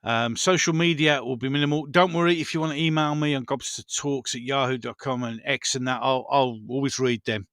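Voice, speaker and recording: A man's voice: medium pitch, steady tone, a little fast, few pauses, fairly bright tone, no echo, clean studio sound. A man in his fifties with a Brummie accent, hosting a frank, rambling casual chat with his viewers. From Birmingham, England. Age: 50s. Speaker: channel host. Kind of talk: casual live-stream chat.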